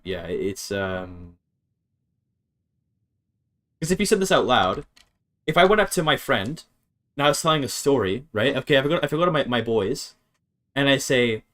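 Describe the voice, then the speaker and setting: A man's voice: medium pitch, moderate pace, long pauses, fairly bright tone. A young man livestreaming and explaining grammar in a casual, rambling way, often correcting himself and swearing when a demonstration goes wrong. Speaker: streamer.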